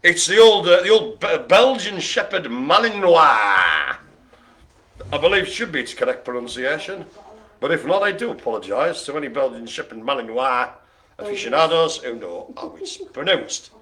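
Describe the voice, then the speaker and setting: A man's voice: medium pitch, sing-song, moderate pace, sharp tone. A man calling bingo as host, joking and laughing through playful banter. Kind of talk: jokey live bingo calling.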